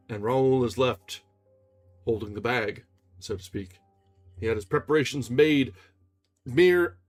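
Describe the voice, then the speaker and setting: A man reading a classic novel aloud on a livestream, steady narration with casual asides. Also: mid-range voice. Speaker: audiobook reader on a livestream.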